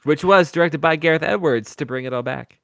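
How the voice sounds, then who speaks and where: A man hosting a casual podcast, relaxed as he steers the talk through listener picks. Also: fairly high pitch, fairly quick, vocal fry, no room sound, studio quality. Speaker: podcast host. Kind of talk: casual fan discussion.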